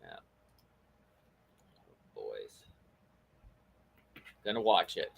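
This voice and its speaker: A man's voice: low voice, big pitch swings, drawn-out words, creaky, breathy edge. A man hosting a casual talk show, chatting loosely with plenty of fillers and restarts. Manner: rambling, friendly, many fillers and restarts. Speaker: podcast host. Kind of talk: casual chat.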